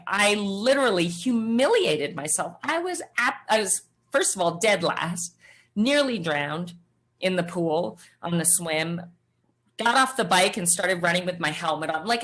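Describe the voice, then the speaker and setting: A middle-aged woman, a podcast guest, telling her personal story in an animated way and acting out the voices of others. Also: medium pitch, a little slow. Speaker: guest, former triathlete. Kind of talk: storytelling interview answer.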